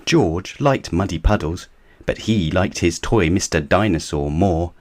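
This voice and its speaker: A man reading a children's storybook aloud as narrator, in a measured, even way. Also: sits low.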